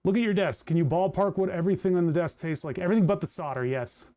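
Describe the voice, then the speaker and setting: A man's voice: high voice, fast talker, dark tone. A young man streaming live, chatting casually and rambling into asides while he works on a soldering job and reads chat. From United States.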